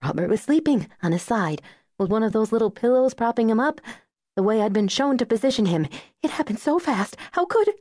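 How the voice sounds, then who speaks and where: A woman's voice: mid-range voice, expressive, a little slow, long pauses, darkish tone, no echo, studio quality, pitched above the performer's own voice. A woman narrator voicing a grieving young Southern society wife with a Southern accent, quavering and tearful.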